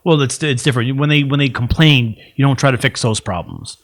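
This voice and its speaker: A man's voice: mid-range voice, a bit bright. A man co-hosting a podcast, telling rambling anecdotes in casual chat and mimicking relatives as he goes. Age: adult, works for city sanitation. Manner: rambling anecdotes, fast, acts out relatives' voices. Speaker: podcast co-host.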